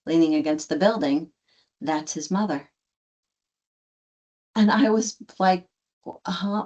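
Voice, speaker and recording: Woman, podcast guest, lower voice, animated storytelling, acts out quotes. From United States. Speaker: podcast guest, adoptive mother. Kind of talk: storytelling in conversation.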